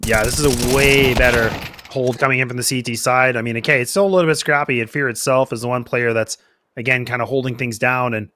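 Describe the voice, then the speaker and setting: A man giving quick, analytical color commentary on a competitive shooter match, chatty with frequent restarts. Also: medium pitch, steady tone, noisy background. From Canada.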